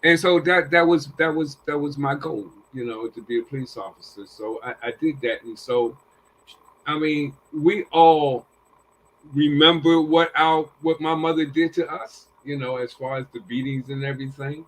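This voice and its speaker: An older man, a panel guest, casually tells family stories, acting out what people said in a raised voice and repeating phrases along the way. His voice is fairly high, steady, and fairly bright, at a normal speed, but the audio quality is poor.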